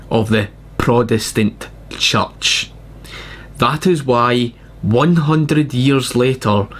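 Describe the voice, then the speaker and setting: Slow, emphatic Scottish man. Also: medium pitch. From Scotland. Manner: rambling, emphatic, repeats points. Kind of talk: casual explanatory monologue.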